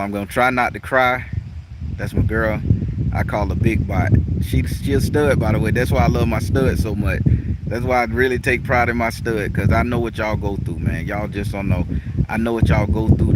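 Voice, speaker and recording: Chatty profane man outdoors, loud ambience. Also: lowish voice, fairly even intonation, fairly quick, very noisy. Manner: loose, profane and chatty, laughs often. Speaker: spiritual practitioner and channel host. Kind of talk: casual vlog chat to viewers. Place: outdoors in a rural natural setting.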